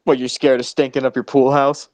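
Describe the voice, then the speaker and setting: A man in casual podcast banter who rambles through profane anecdotes. His voice sits at an ordinary middle pitch, and it is recorded close and dry with no room sound. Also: flat delivery, a little fast, a little mellow, no echo. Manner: profane, rambling storyteller who acts out other people's voices. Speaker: podcast co-host. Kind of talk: casual stoner comedy chat.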